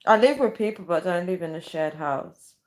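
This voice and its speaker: A woman's voice: fairly low pitch, animated, a little fast. A young woman chatting casually on a live stream, rambling and reading viewer comments aloud. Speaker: livestreamer.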